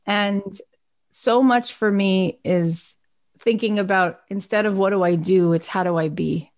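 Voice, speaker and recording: A woman's voice: mid-range voice, measured pace, a little mellow. A woman hosting an interview, asking earnest, enthusiastic questions on behalf of her audience. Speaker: podcast host.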